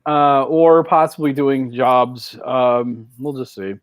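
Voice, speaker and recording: A man from Washington State, a freelance writer, telling stories in a relaxed way on a casual podcast. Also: medium pitch, takes it slowly, smooth, no echo. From Washington State, USA.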